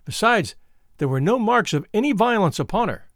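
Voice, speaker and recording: A man's voice: high voice, very animated, fairly bright tone, no room sound, studio quality, exaggerated voice. Helen Stoner, a shaken young woman, as a man reads her. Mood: earnest. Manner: earnest, measured storytelling. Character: frightened young woman recounting her twin's death. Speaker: audiobook reader. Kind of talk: storybook reading.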